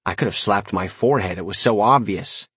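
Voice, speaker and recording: A man's voice: lowish voice, a little fast, a bit bright, slightly rough, dry recording. A man narrating a first-person fantasy audiobook in a wry, conversational way.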